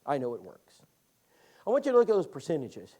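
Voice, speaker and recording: A man teaching a Bible class, telling stories in a folksy, animated way. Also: fairly high pitch, fairly quick, husky. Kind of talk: lively classroom storytelling.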